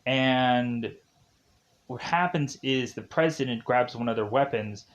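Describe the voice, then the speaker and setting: A man's voice: mid-range voice, takes it slowly, dull audio. A man recapping a movie plot in a casual, rambling way, full of "like" fillers. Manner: rambling, heavy use of "like". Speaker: film reviewer.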